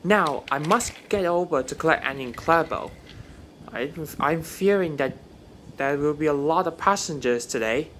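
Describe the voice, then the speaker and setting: A man voicing a cheerful, helpful young male tank engine in a fan story, in a bright, eager manner. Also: a little high, moderate pace, a little hiss or hum, close to an everyday voice.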